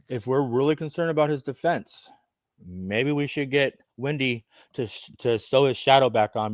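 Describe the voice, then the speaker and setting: A man delivering a profane, rambling, conspiratorial monologue, swinging between loud outbursts and muttered asides. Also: medium pitch, no echo, clean studio sound. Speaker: self-styled candidate addressing viewers. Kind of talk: ranting monologue.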